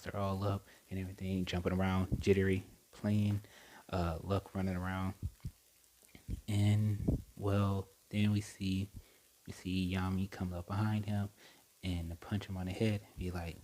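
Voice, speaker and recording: A man's voice: sits low, level tone, measured pace, dark tone, rough recording. A young man casually retelling a story, rambling with lots of fillers and self-corrections. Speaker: storyteller retelling a fan scenario.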